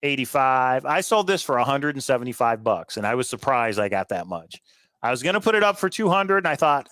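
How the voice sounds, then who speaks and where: A man's voice: mid-range voice, lively intonation, a bit bright, no echo. A man co-hosting a casual live stream, chatting upbeat about things he sold and answering viewer comments. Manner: chatty, upbeat, quick asides and chuckles. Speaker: livestream co-host.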